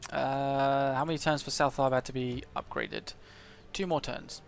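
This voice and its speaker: A man's voice: mid-range voice, a little slow, creaky. Hesitant man narrating his strategy game. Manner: thinks aloud, hesitant, many fillers. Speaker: let's play gamer. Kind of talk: strategy game let's play commentary.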